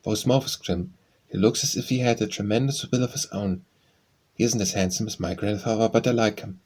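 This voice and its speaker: A man reading an audiobook, voicing an outspoken, eager teenage girl who talks quickly. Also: fairly low pitch, steady tone, darkish tone, breathy edge.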